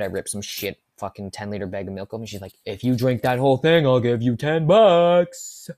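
Casting: young woman, very low voice, laid-back storytime vlogger, swears freely and laughs easily. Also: a little mellow. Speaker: vlogger telling work stories. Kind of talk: casual storytime.

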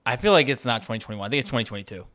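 A man's voice: medium pitch, racing, pushed and bright, no echo, clean studio sound. A man co-hosting a casual gaming news podcast, chatty and upbeat. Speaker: podcast co-host.

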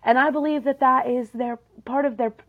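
A woman's voice: sits high, fairly even intonation, a little fast, narrow, tinny audio. A young woman hosting a faith podcast, talking earnestly and emotionally with many fillers, her nose a little stuffed up. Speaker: podcast host. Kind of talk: casual faith podcast monologue.

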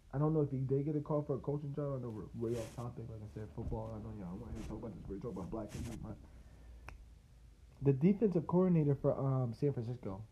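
A man's voice: medium pitch, a little hiss or hum. Male podcast host, casual profane rambler, phone-quality audio. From United States. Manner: loose, profane and rambling, with laughs and restarts. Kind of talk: casual solo podcast rant. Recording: tinny phone-like line.

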